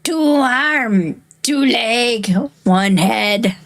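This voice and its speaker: Woman putting on a cold, halting ballerina visitor. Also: on the high side, creaky, exaggerated voice. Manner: slow, broken English, curt and flat. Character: strange woman claiming to dance ballet.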